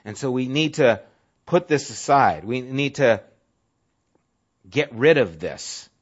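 Man, pastor, conversational sermon, quiet low emphasis, muffled lo-fi audio. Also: animated, slow pace. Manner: conversational preaching, acts out quoted voices; drops to a soft, low voice for emphasis. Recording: dull lo-fi audio.

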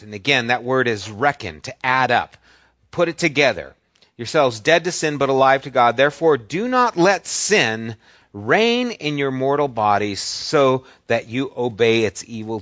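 A male preacher delivers a verse-by-verse sermon at an unhurried pace, leaning hard on key words and letting pauses hang. The recording is dry and close, with a dull, lo-fi tone. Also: mid-range voice, fairly bright tone, dry recording. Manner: deliberate, emphatic, with drawn-out pauses on key words.

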